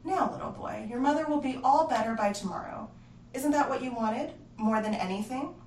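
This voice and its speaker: A woman doing a sly sharp-toothed creature doctor. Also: on the high side, moderate pace, a little hiss or hum, voice pushed up, lightly acted. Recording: roomy, distant mic, faint ambience.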